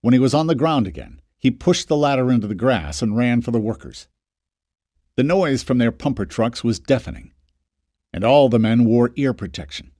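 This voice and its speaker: A man narrating an audiobook in a scripted, expressive reading. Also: medium pitch, normal speed, dry recording, clean studio sound.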